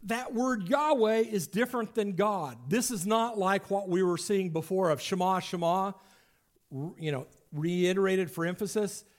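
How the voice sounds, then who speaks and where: A man's voice: sits high, moderate pace. A man giving a conversational Bible study lesson, explaining step by step with frequent restarts. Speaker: Bible teacher.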